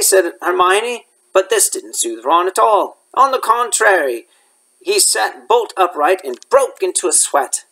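Male teacher, children's novel read-aloud, expressive. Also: high-pitched, measured pace, poor audio. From United States. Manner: expressive storyteller.

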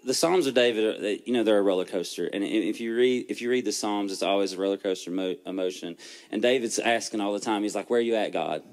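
Male pastor-host, mid-pitched, earnest sermon-like talk with repetitions. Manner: earnest, repeats words, builds to fervent lists. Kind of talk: preaching-style conversation.

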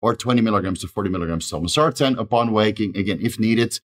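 A man hosting his own channel, delivering a fast solo advice monologue and rattling off lists of dosages, often tagging lines with "right?". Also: fairly low pitch. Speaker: channel host giving advice.

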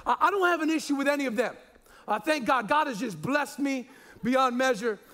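Man in his forties, very high voice, pastor preaching in a loose, jokey, stumbling way. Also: expressive, brisk, a bit bright. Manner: chatty and jokey, with many repeated words and fillers. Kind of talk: sermon.

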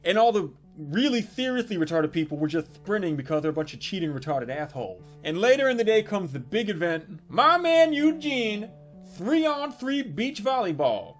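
A young adult man telling a crude comic story in an animated, irreverent way with punchy delivery. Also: on the high side, fairly quick, soft background music. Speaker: comedic storyteller.

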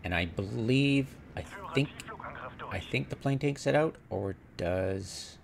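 A man casually commenting on a game replay, rambling and retelling his own reactions, with sudden excited exclamations. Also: on the low side, slow, creaky, slight background noise. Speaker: gameplay commentator.

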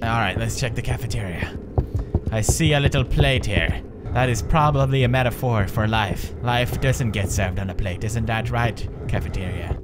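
A man's voice: mid-range voice, normal speed, heavy background noise. A man doing horror game commentary, jumpy, sarcastic and profane. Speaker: gaming video creator.

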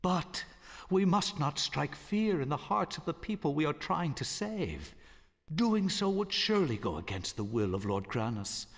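A man voicing a solemn, authoritative male church leader in a game cutscene, speaking in a measured, commanding way. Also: a little high, creaky, exaggerated voice. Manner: measured, authoritative, pleading for calm. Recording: long reverb, game audio.

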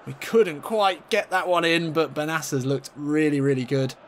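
A man commentating his own football video game match in a playful mock-commentator style, getting excitable and leaping up in pitch at chances. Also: moderate pace, a little hiss or hum. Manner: excitable, jumps high in pitch at chances, laughs often.

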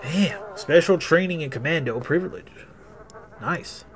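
A man's voice: fairly high pitch, normal speed, soft background music. A man hosting a casual game walkthrough, rambling through personal stories and swearing a lot. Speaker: gaming video host. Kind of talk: casual let's-play storytelling.

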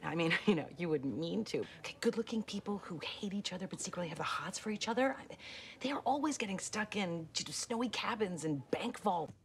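A woman's voice: medium pitch, expressive, a little fast, a little hiss or hum, lightly acted. An actress playing a blunt, worldly woman in a TV comedy, making dry asides. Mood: wry.

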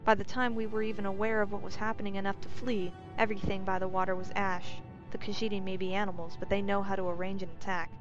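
A woman's voice: mid-range voice, level tone, fast, hardly any pauses, close to an everyday voice. A dry, grim man from a fantasy storybook who has lost everything and shrugs it off, as a woman narrator puts him on. He speaks with weary bitterness. The recording is dull and lo-fi, with faint music. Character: grim, world-weary male Cyrodiil trader.

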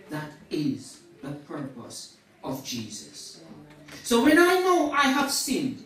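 Slow, animated woman preaching in an echoey church. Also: low-pitched, recorded from a distance. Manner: dramatic storytelling, acting out dialogue, rising to fervent cries. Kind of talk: sermon. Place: church sanctuary.

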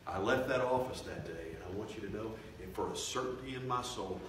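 A man preaching a revival sermon, swelling loud and slow for emphasis, then dropping to quiet, confiding tones. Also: fairly low pitch, a little hiss or hum. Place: church sanctuary. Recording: echoey church from far off.

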